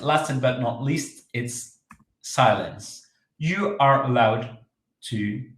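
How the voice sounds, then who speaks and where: A man speaks English as a while running an online workshop. He talks with energy and leans hard on repeated key words. His voice sits at a middle pitch, and the room around him gives a clear echo. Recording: echoey room.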